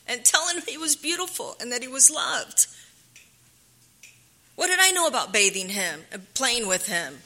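A middle-aged woman telling her own recovery story in a candid, halting way, often dropping to a hushed whisper. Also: a little high. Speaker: recovery speaker. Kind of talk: personal testimony.

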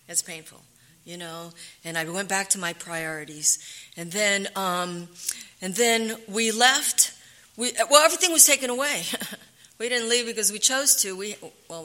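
A middle-aged woman telling her own recovery story in a candid, halting way, often dropping to a hushed whisper. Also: medium pitch. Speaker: recovery speaker. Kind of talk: personal testimony.

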